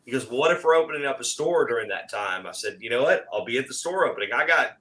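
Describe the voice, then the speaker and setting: Middle-aged man, bright tone, animated storyteller who acts out the dialogue himself. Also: medium pitch, fast, low-quality recording. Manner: animated, acts out quoted exchanges. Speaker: guest. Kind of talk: casual storytelling chat.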